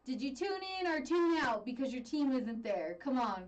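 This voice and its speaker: A woman's voice: high-pitched, very animated, moderate pace, recorded from a distance, dull audio. A woman hosting a casual live stream, chatty and upbeat, greeting viewers by name. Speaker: livestream host. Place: Denver, Colorado.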